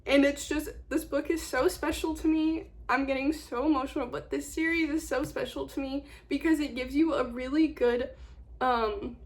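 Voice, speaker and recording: A woman's voice: high-pitched, steady tone, moderate pace. A young woman vlogger chatting casually about books she read, gushing and rambling, repeating words for emphasis. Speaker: book vlogger. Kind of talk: casual book review chat.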